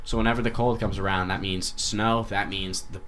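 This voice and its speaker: A man's voice: fairly low pitch, steady tone, brisk, a crowd in the background. A man from Massachusetts co-hosting a podcast, blunt and crude in casual chat. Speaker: podcast co-host.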